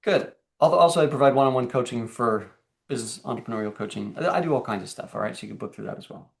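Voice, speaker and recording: A man with a gravelly, mid-range voice talks a group through his coaching programs over a video call. He keeps the energy up and keeps checking in with "okay?" and "all right?". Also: medium pitch, quick pace. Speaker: life and fitness coach. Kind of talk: presenting to an online group.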